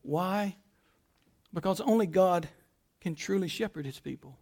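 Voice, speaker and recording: A male pastor preaching a sermon, reading scripture aloud and explaining it with emphatic rhetorical questions, often dropping to a hushed voice at the ends of phrases. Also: sits high, unhurried, pauses often.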